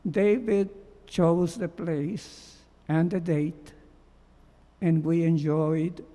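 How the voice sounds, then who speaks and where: A man giving a measured, heartfelt memorial tribute as a former doctoral student, reading prepared remarks. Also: on the high side, steady tone, warm tone. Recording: long hall reverb.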